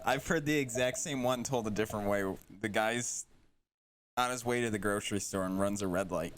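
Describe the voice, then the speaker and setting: A man's voice: on the low side, fairly quick, a bit bright, slight background noise. Upbeat male podcast co-host. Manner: upbeat, steers the show, chatty. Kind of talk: casual podcast chat.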